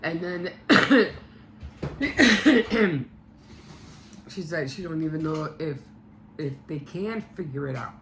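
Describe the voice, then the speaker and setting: A woman's voice: low voice, a bit bright, a little hiss or hum. A woman vlogger casually retelling a story, rambling with many fillers and restarts.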